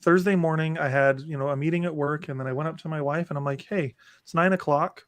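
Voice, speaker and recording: This podcast co-host talks fast in a fairly high voice, recorded dry on a remote home setup. His casual chat is animated and rambling, full of restarts.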